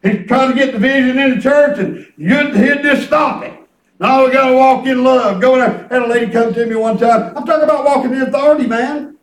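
A man preaching in a folksy, animated way, telling stories in a church. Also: very high-pitched, brisk. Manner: folksy, animated, peppered with "praise God". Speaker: pastor. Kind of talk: sermon storytelling. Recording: echoey church from far off.

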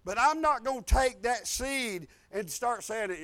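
A man, preaching a folksy sermon that repeats phrases and builds to loud declarations. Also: very high voice, expressive, a little slow. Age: 50s.

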